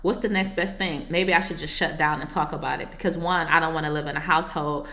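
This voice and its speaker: Low, bright-voiced woman telling her story. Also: steady tone, fast. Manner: earnest, reflective, with casual asides to the host. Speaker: marriage coach and author, podcast guest. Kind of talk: personal storytelling in a casual interview. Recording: echoey room.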